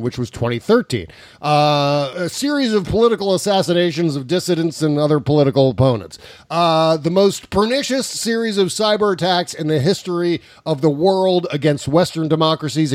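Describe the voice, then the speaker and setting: This is a man with a fairly high voice, hosting a political podcast in a loose, sarcastic way and laughing as he mocks what he reads aloud. The sound is dry, close and without any room echo. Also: a little mellow. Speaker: podcast host. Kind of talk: casual political talk.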